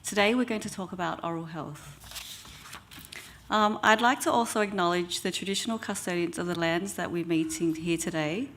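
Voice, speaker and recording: A woman, an oral health therapist giving an educational talk in a measured way with frequent ums. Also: lowish voice, a bit bright, slight background noise.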